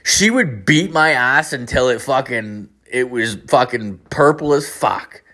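A man's voice: medium pitch, expressive, unhurried, bright, forceful tone. Profane, rambling storytelling man. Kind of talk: comedic personal storytelling.

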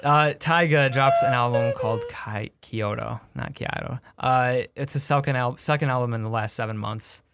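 A man's voice: medium pitch, normal speed, hardly any pauses, a bit bright. A man co-hosting a casual music review podcast, hesitant and full of fillers, with laughing asides. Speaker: podcast co-host reviewing albums. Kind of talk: casual chat.

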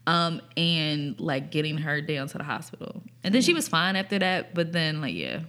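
A young woman tells a story on a casual podcast, her voice sitting on the lower side. She talks in an animated rush, swearing and leaning on "like" fillers. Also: moderate pace. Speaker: podcast co-host.

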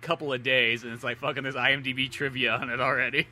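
A man's voice: mid-range voice, quick pace. A man co-hosting a podcast, joking and swearing in casual banter. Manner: joking, profane, animated. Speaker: podcast co-host.

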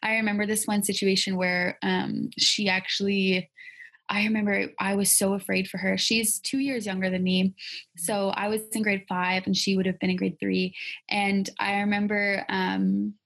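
A woman co-hosting a podcast tells stories in casual chat. She is chatty and leans on fillers and restarts. Her voice sits at a middle pitch. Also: flat delivery, moderate pace, vocal fry, fairly bright tone. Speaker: podcast co-host.

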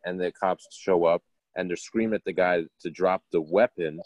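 A man's voice: low-pitched, fairly even intonation, normal speed, a little mellow, no room sound. A man co-hosting a podcast, thoughtful in casual discussion, with stammering restarts. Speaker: podcast co-host.

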